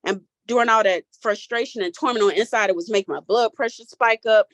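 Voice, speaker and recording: A woman's voice: on the high side, quick pace, no echo. A woman in her forties telling her personal story in a candid, casual way, her voice cracking as she holds back tears. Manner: candid, emotional, casual Southern-tinged speech. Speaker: guest sharing her story. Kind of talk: personal testimony in a group talk.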